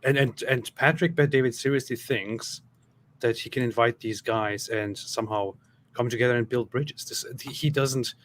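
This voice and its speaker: A man's voice: medium pitch, moderate pace, fairly bright tone. A man hosting casual commentary, heated and scornful, building into indignant outbursts.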